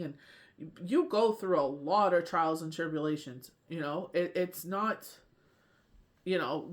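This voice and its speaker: A tarot reader and medium in a casual spiritual talk, rambling and often asking "you know what I mean". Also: medium pitch.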